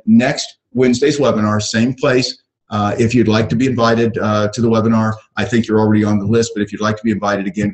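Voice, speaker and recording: A man's voice: lowish voice, rough recording. Enthusiastic middle-aged man coaching online. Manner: enthusiastic, rambling with fillers. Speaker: real estate coach hosting a webinar. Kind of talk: casual webinar talk. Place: ranch.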